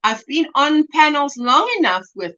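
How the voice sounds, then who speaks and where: A woman's voice: high voice, animated, normal speed, bright, forceful tone. Lady chatting on a crochet stream, laughs a lot, kinda dull lo-fi sound. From South Africa. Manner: chatty, laughs often, reads viewer comments aloud. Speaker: livestream host. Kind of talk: casual chat while crocheting live. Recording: lo-fi livestream audio.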